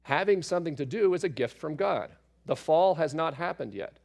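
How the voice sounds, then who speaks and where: A man, a father, teaching through a Bible passage in a relaxed, conversational way, with asides and fillers as he explains. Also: on the high side, normal speed, gravelly. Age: adult parent.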